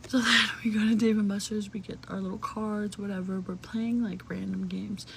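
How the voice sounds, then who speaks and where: Young woman, casual storytime, vocal fry, chatty, "like" fillers, swearing, whispery asides. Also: medium pitch, flat delivery, normal speed, a bit bright, slight background noise, low-quality recording.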